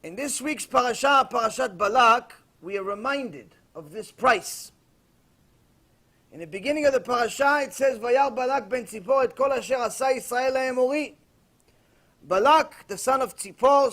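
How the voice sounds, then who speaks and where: A man's voice: very high voice, normal speed. A man preaching as a rabbi, telling a story in a sermon and acting out the people in it. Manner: animated, acts out the quoted characters in his story.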